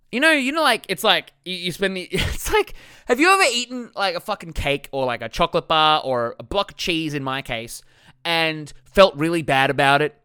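A man's voice: high-pitched, bright, forceful tone, clean tone, dry recording, clean studio sound. A man talking as a life coach in a motivational self-help talk, blunt and jokey, swearing freely.

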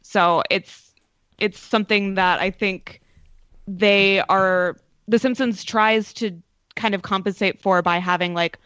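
A woman's voice: medium pitch, steady tone, slow, fairly bright tone, clean tone, dry recording, highs cut off. A woman in a casual podcast discussion, thinking aloud with many filler words and restarts. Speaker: podcast panelist.

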